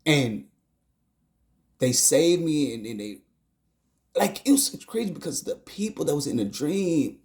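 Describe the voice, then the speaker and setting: A man giving an emotional personal testimony about a dream. He talks haltingly, repeats phrases, stumbles over his words and sometimes drops to a hushed whisper. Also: medium pitch.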